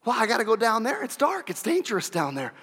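Male preacher acting out a scared biblical warrior, hesitant and pleading, lower and quieter, echoing church. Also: huge pitch swings, fast, husky, exaggerated voice. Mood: fearful. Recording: long church reverb.

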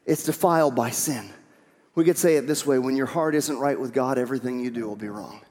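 In a church sanctuary with long hall reverb, a pastor preaches emphatically, repeating key phrases and coaxing the congregation along. His voice is mid-range and darkish, and he talks a little fast.

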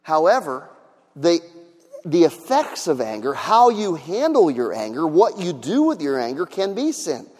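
A man preaching a sermon as pastor. He moves between quiet, soft talk and loud, shouted passages, and acts out the voices in his stories. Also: on the high side, sing-song, a little slow, in a large hall.

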